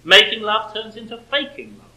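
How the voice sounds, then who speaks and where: A man giving a prepared sermon-style lecture, measured and emphatic, with pointed sarcasm. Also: high voice, sharp tone, muffled recording. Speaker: speaker.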